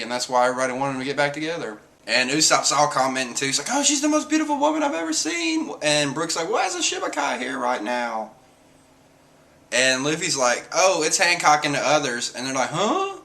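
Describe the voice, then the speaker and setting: A man giving a casual spoken manga review, excitable and jumping into high voices for the characters.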